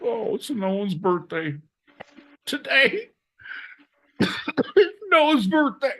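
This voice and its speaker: A man's voice: extremely high pitch, sing-song, takes it slowly, sharp tone, slight background noise. A man co-hosting a live comedy podcast, ranting profanely through an improvised bit. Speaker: podcast co-host.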